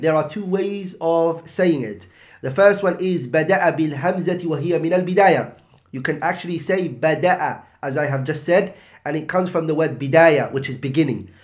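A man teaching an Islamic text, explaining in English with Arabic terms and rhetorical questions. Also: a little high.

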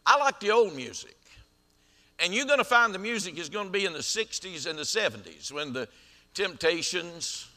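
A man preaching a sermon as senior pastor, stretching key lines slowly and dropping to quiet asides. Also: on the high side, animated. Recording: reverberant church sanctuary.

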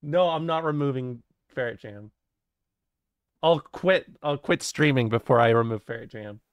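A man's voice: medium pitch, moderate pace, smooth, no room sound. A young adult man streaming casually, reading his chat aloud and answering it in a rambling, jokey way, often swearing and laughing.

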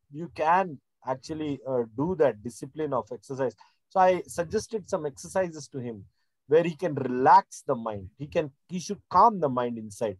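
A man's voice: on the high side, a little mellow, no echo, poor audio. A middle-aged man preaching a sermon, rambling with many fillers and restarts. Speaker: pastor. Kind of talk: sermon teaching.

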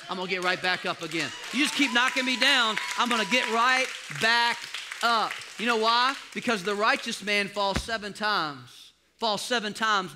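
A pastor preaching a sermon, rousing the congregation to call back and dropping to quiet, confiding asides between loud rallying lines. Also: male voice, high voice. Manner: exhorting, call-and-response with the congregation. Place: church service.

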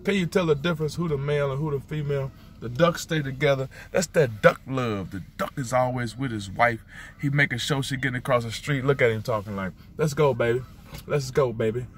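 A man recording a motivational vlog outdoors by a street on a handheld phone. He repeats affirmations and gives excited running commentary. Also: medium pitch, fairly quick, slight background noise. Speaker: motivational vlogger.

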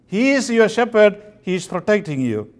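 A man from India giving a slow, emphatic sermon with pauses at a convention. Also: sits high, big pitch swings. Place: convention hall.

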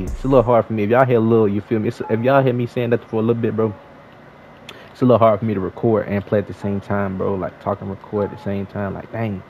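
A young man giving slangy, excitable trash-talk commentary over his own basketball video game play. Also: fairly low pitch, creaky, rough recording. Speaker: gaming YouTuber. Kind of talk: live gameplay commentary.

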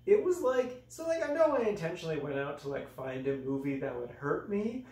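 A man's voice: on the high side, very animated, a little fast, darkish tone. A young man casually reviewing movies in a self-mocking, exaggerated way, with sudden dramatic swings in his voice. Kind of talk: casual comedic review monologue. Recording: echoey room, voice a bit off-mic.

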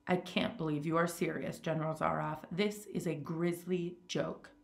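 A woman's voice: deep voice, little pitch movement, moderate pace, creaky. A woman reading as an indignant young hunter. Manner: earnest and shocked. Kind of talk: story read aloud.

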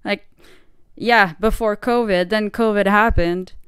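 A woman's voice: medium pitch, fairly even intonation, a little slow, a bit bright, clear, resonant tone, no echo, studio quality. A woman from Quebec whose first language is French, chatting casually and lightly teasing on a podcast. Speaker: podcast guest. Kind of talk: casual chat.

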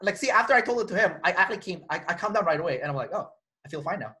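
A man's voice: high voice, very fast. A man being interviewed, telling a personal story in casual conversation and acting out the lines of the people in it. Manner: animated, acts out quoted dialogue, frequent restarts. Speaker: interview guest.

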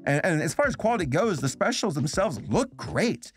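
A man's voice: a little high, big pitch swings, moderate pace, faint music behind. An American man giving a casual video review, loose and joking, rambling with fillers. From United States. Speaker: online film reviewer.

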